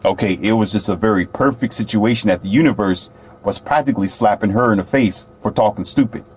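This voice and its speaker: A man's voice: fairly low pitch, fairly quick. A man telling a story to the camera in a casual, boastful monologue, often turning to the viewer. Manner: boastful, chatty, addresses viewer directly. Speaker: vlogger.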